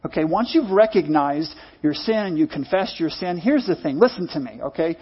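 A man's voice: a little high, lively intonation, moderate pace, slightly rough, lo-fi sound. A middle-aged male pastor preaching a sermon in an earnest, repetitive style, leading the congregation in call-and-response.

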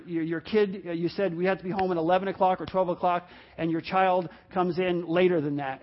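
High-voiced pastor preaching conversationally. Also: male voice, lo-fi sound. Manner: conversational, repeats words, acts out quoted people. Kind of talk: sermon.

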